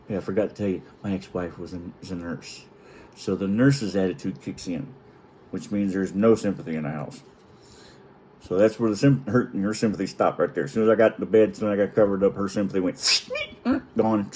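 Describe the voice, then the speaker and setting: A middle-aged man telling a comic personal story in a profane, animated way, acting out the quotes in different voices. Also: lowish voice, normal speed, a little hiss or hum. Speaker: storytelling vlogger.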